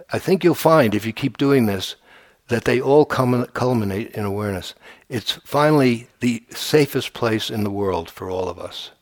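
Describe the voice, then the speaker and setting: A man's voice: medium pitch, no room sound, studio quality. A man giving a dharma talk as a meditation teacher, in a conversational, humorous way with frequent restarts. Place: meditation retreat center.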